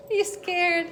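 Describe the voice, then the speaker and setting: A woman's voice: extremely high pitch, a bit bright. A woman in casual chat, giving a dog short commands and cooing sweet baby talk at it. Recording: noisy room recording.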